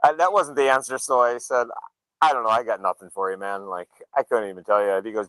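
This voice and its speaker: A man in casual chat telling a story, acting out the quoted dialogue in a relaxed way. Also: medium pitch, fairly quick, dry recording, rough recording. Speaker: show regular, motorcyclist.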